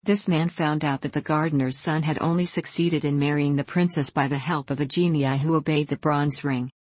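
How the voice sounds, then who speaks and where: A woman narrating a fairy tale in a measured, steady audiobook reading. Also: low voice, no echo.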